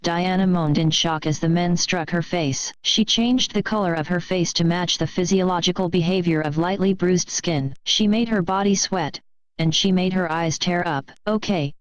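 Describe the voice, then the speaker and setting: A woman reading a fan fiction story aloud in a steady, plain storytelling manner. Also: on the low side, moderate pace, dry recording, rough recording. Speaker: story reader.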